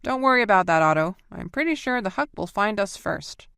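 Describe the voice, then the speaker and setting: A woman reading the part of a male marine commander who gives clipped, crisp orders in an audiobook. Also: medium pitch, animated, brisk, fairly bright tone, no echo, clean studio sound, voice pushed up. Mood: brisk.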